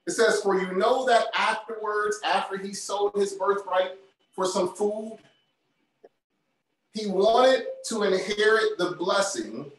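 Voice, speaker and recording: A male preacher delivers a sermon at an unhurried, deliberate pace, hammering home each point and repeating phrases for weight. He sounds as if picked up from far off in a big, very echoey church hall. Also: high voice, fairly bright tone. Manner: emphatic, repeats key phrases.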